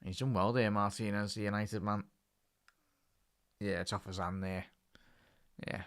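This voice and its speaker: A man's voice: fairly low pitch, flat delivery, a little slow, fairly bright tone, smooth. A man with a Scouse accent giving casual live match commentary on a stream, chatting to his viewers and calling them lad and chat. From Liverpool, England.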